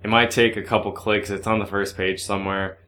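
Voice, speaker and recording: A man's voice: fairly low pitch, little pitch movement, fairly quick, bright, forceful tone, a little hiss or hum. A man in casual, crude banter, blunt and profane, laughing a lot.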